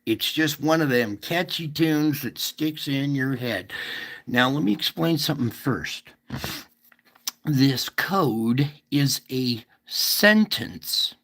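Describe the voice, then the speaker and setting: A man hosts a casual livestream and explains at length. He wanders, restarts, and keeps checking in with his listeners. His voice is gravelly with a touch of fry, and he takes his time. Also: medium pitch, expressive, slow, fairly bright tone. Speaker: livestream host.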